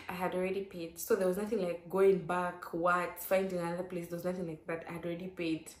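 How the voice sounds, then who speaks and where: A young woman vlogger telling a personal story in a chatty, lively way, with lots of "like" fillers and sudden exclamations. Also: lowish voice, brisk. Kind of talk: casual storytelling. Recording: roomy echo.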